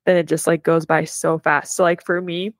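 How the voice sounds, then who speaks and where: Earnest young mom, dry close voice. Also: female voice, sits low, flat delivery, moderate pace, dry recording. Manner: earnest, reflective, filler-heavy. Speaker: podcast co-host, mother. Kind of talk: casual chat.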